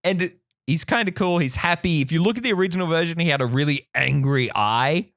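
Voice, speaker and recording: Man, soft australian accent, lively pitch, dry close sound, casual podcast chat. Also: no echo. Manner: animated, laughs often, quick tangents. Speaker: podcast co-host.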